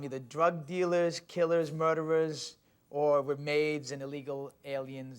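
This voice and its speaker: A man's voice: on the high side, fairly even intonation, moderate pace, smooth. A man, an actor, talking frankly and casually in a documentary interview.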